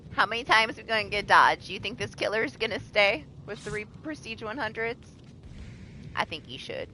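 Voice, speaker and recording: A woman streaming herself playing a game live, reacting loudly with laughs and curses and teasing the other players. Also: medium pitch, animated, normal speed, slight background noise. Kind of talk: live gameplay commentary.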